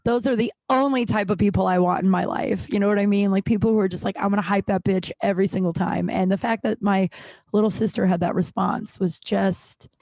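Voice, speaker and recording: A woman hosts her podcast from home in loose, rambling personal chat. She talks with animated energy, swears freely and drifts close to tears now and then. Her voice sits at a middle pitch, and the recording is dry and close. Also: a little fast, vocal fry, no echo. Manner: emotional, close to tears at times. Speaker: podcast host.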